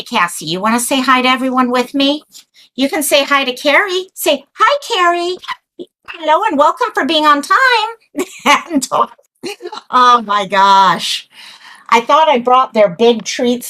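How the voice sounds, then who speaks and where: A woman hosting a casual livestream chat, excitable and rambling as she greets viewers and a guest. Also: high voice, low-quality recording. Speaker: livestream host.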